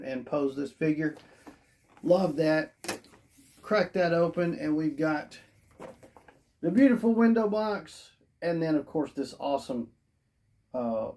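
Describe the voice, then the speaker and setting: Slow, gravelly, hoarse toy reviewer. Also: mid-range voice, a little mellow. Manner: chatty, rambling, thinking aloud. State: hoarse, losing voice. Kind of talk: casual unboxing narration.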